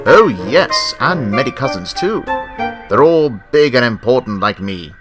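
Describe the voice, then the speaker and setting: A man's voice: mid-range voice, big pitch swings, unhurried, fairly bright tone, soft background music. A man voicing a big, proud male express engine who boasts and gloats in a pompous way. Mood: boastful.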